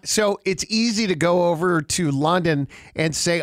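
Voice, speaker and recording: A man's voice: high-pitched, moderate pace, hardly any pauses, dry recording. Upbeat man hosting radio banter. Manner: leads the segment, reading poll results with playful asides. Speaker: radio show host.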